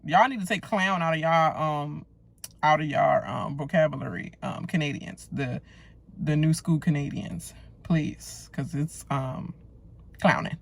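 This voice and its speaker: A woman with a deep, creaky voice speaks unhurriedly, with no echo, in a casual rant reacting to a reality show. She's blunt and outspoken, heated, and talks loosely with slang and plenty of fillers.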